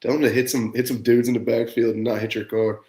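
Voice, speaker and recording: A man's voice: mid-range voice, flat delivery, quick pace, darkish tone. A man co-hosting a casual college football show, laid-back and dry. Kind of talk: casual sports chat. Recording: roomy echo.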